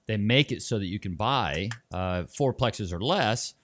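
A podcast host with a fairly low voice chats easily with his guest and slips into plain, direct advice. His tone is relaxed and conversational. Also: slight background noise. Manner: chatty, gives quick advice.

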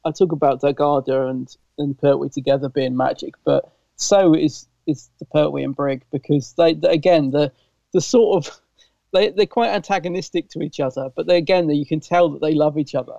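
A man with a gravelly, fairly high voice that has a mellow, dark tone. He chats as a podcast co-host, enthusiastic and rambling, full of restarts. The sound is dry and a little dull. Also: normal speed, no room sound. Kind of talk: casual fan chat.

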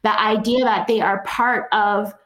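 A woman guest on an interview show, telling stories in an animated way and laughing often. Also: mid-range voice, unhurried, roomy sound. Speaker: guest, organizer. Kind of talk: conversational storytelling.

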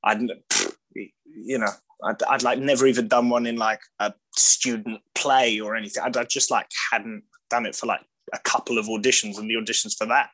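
A man's voice: mid-range voice, steady tone, fairly quick, pushed and bright, rough recording. An English man being interviewed as an actor, talking in a rambling, casual way with lots of "like", restarts and laughter. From Britain. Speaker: actor guest.

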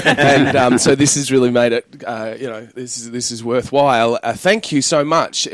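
A man's voice: mid-range voice, normal speed, few pauses, no room sound, clean studio sound. A man, a comedian rambling through anecdotes in casual chat and laughing often. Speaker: comedian guest.

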